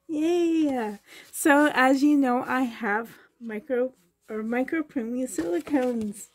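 A woman filming an unboxing vlog in her bedroom, gushing with excited exclamations and soft whispers. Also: sits high, slow. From Canada. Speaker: doll collector vlogger. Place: bedroom at home.

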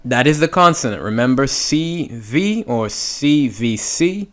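Man, teacher, video lesson, unhurried, patient, repeats "okay?", sounds out syllables. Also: mid-range voice, lively intonation. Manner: patient, repetitive, checks in with "okay?". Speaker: Hebrew teacher.

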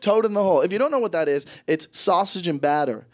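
A man performing a stand-up comedy set, telling stories animatedly and swearing freely, his voice jumping high and loud when he acts panicked. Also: lively intonation, fast talker. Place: stage in front of a live audience. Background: audience laughter.

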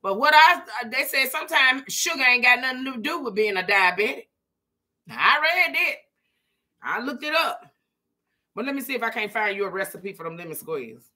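A woman vlogging in a relaxed, chatty way, talking straight to her viewers and laughing often. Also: a little high, normal speed. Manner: chatty, folksy, laughs often, addresses viewers as "girl" and "y'all". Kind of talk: casual chat to viewers while eating.

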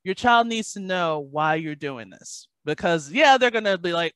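Animated woman storyteller, dry sound. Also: on the low side, normal speed, few pauses, clear, resonant tone, no room sound. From Baltimore, Maryland. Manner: animated storyteller, acts out parents and kids. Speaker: math tutor guest. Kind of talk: podcast conversation.

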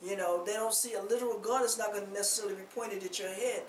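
A woman's voice: mid-range voice, fairly even intonation, fast. A woman preaching an informal sermon in a loose, conversational way, full of rhetorical questions and "you know". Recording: roomy echo, distant mic, faint noise.

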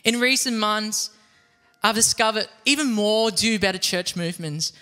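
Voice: mid-range voice, moderate pace, bright, forceful tone. A conference founder, giving an earnest, reflective opening address. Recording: long hall reverb.

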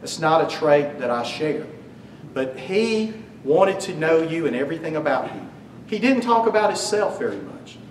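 A man's voice: fairly high pitch, big pitch swings, normal speed. Man giving a eulogy, echoey hall. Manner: warm storytelling, joking with the crowd. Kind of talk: eulogy speech with humorous stories. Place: memorial service hall. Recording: echoey hall from far off, faint hum.

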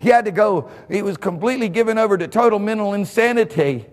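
A male pastor delivers a fervent sermon at a church service at a quick pace, his voice filling a large hall. He swings from sudden shouts to a low, quiet voice and chuckles between phrases.

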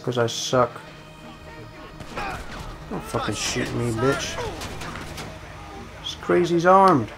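A young man giving casual let's-play commentary, muttering and swearing at the screen, with sudden loud bursts when he wins. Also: mid-range voice, expressive, extremely slow, gravelly, pauses often, music in the background. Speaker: gameplay commentator.

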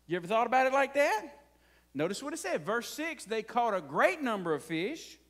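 A man's voice: very high-pitched, very animated, moderate pace. A man preaching a conversational sermon as pastor, asking the congregation frequent rhetorical questions.

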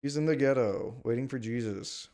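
A man streaming a strategy game, complaining in exasperated, whiny outbursts and sometimes shouting at the screen. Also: mid-range voice, moderate pace. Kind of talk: live gameplay commentary.

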